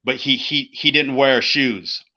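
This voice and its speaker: A middle-aged man co-hosting a casual podcast, telling an old road story in a profane, animated way and acting out the voices of the people in it. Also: mid-range voice, measured pace. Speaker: podcast co-host, former pro wrestler. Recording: dull lo-fi podcast audio.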